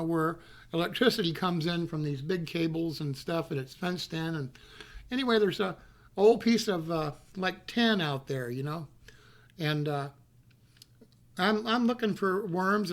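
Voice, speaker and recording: A man's voice: high voice, vocal fry, fairly bright tone. A man telling a rambling, folksy childhood story, often repeating himself. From North Carolina. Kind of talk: casual storytelling.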